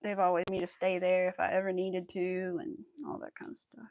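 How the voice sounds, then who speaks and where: A woman's voice: on the low side, completely flat delivery, brisk, a little mellow, no echo, dull audio. A young woman chatting casually while she crafts, exclaiming often and saying y'all. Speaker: crafting vlogger.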